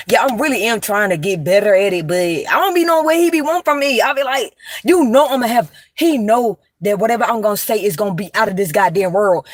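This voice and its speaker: A young woman with a mid-range voice chats casually on a livestream, with no room sound on the recording. She rambles and speaks emphatically, using plenty of slang and swearing as she confides straight to her viewers.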